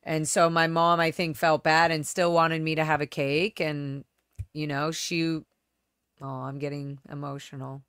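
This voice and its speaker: A woman hosts her own livestream, talking casually and candidly to viewers. Her voice sits a little low with a smooth, clear tone, recorded close and dry. She rambles, trails off mid-thought and picks the story back up. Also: little pitch movement, unhurried, a bit bright, no room sound. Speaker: livestream host.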